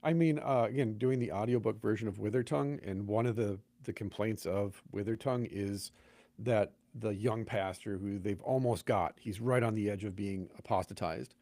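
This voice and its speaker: A man's voice: on the low side, normal speed, no echo. A man, a pastor, talking casually in a podcast conversation, telling stories and acting out the voices of the people he quotes. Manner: animated storyteller, acts out quoted voices.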